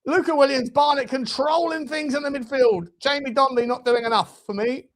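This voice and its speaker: A man's voice: very high voice, brisk. A man hosting a live football watchalong for fans, chatting casually, swearing and laughing often. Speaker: fan channel host. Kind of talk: live match watchalong chat.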